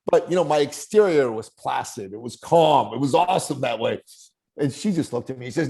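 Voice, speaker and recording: A man's voice: medium pitch, fairly quick, slightly rough. A man in his forties, a podcast guest, telling a personal story in conversation and acting out the voices of the people in it. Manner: animated storyteller who acts out quoted voices.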